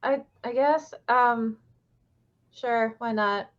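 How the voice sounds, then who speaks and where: A woman's voice: fairly high pitch, slow pace. A woman co-hosting a comics podcast in casual chat, blunt and sarcastic with many fillers. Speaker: podcast co-host. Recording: slightly dull lo-fi sound.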